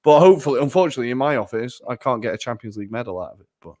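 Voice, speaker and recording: A man co-hosts a casual football podcast at a mid-range pitch. He is chatty, uses plenty of fillers, and pokes fun at himself. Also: lively intonation, racing, darkish tone. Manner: chatty, self-mocking, many fillers. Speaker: podcast co-host.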